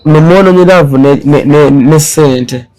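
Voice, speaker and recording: A man's voice: on the high side, slow pace, a little mellow, faint music behind, rough recording. A man, a guest on a casual chat, speaking emotionally and tearfully in Luganda and English.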